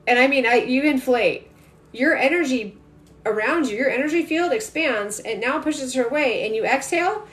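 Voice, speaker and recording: Chatty, emphatic woman on a live stream. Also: high-pitched. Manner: rapid, emphatic, chatty, addresses viewers directly. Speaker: intuitive energy reader. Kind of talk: casual livestream reading to viewers. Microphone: phone livestream.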